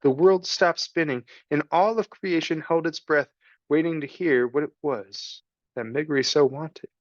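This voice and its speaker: A man narrating a children's storybook in slow, measured tones. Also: on the high side, no echo, muffled recording. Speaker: audiobook reader.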